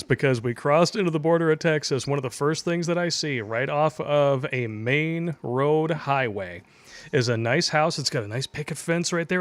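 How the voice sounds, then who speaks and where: Male livestream co-host, somewhat high voice, dry close sound, sarcastic and mocking, laughs a lot. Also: no room sound. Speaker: livestream co-host reading donations. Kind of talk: casual chat.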